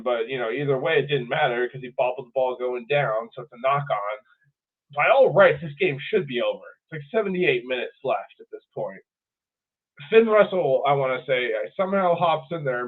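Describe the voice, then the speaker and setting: A man co-hosting a podcast, chatting casually and profanely about sports in an animated way. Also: on the high side. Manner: animated, profane, mimics players in funny voices. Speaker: podcast co-host. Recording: tinny phone-like audio.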